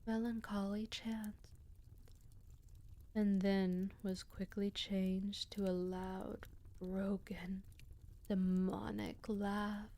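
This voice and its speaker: A woman reading folk tales aloud as a storyteller, in a slow, hushed voice that often drops to a half-whisper. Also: mid-range voice, level tone.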